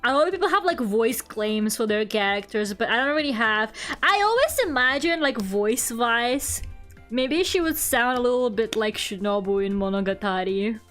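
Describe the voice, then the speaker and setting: Woman streamer, fairly high voice, casual rambling chat, giggly, faint music behind. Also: expressive, normal speed, a bit bright. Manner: rambling, heavy use of "like", giggly. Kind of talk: casual chat while drawing.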